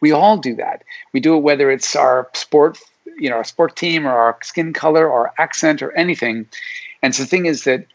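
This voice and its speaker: A man's voice: fairly high pitch, normal speed. Middle-aged man explaining ideas. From Alaska, USA. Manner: explanatory, acts out imagined people's lines in quotes. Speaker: guest, psychology professor. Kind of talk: casual interview. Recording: dull lo-fi audio.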